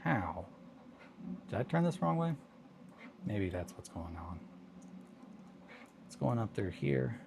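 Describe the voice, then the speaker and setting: A man's voice: on the low side, very animated, takes it slowly, gravelly, long pauses, background noise. A man chatting casually on a hobby live stream, rambling and joking while he mutters to himself over his work.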